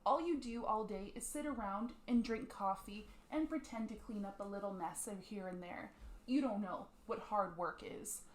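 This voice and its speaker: A woman voicing a domineering husband in an acted role-play, talking in a gruff, dismissive, bullying way. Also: mid-range voice, echoey room, slight background noise, close to an everyday voice.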